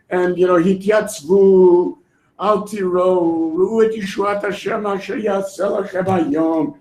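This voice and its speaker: A man teaching a Torah class in an animated way, acting out voices and laughing often. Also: high-pitched, unhurried. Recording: echoey room.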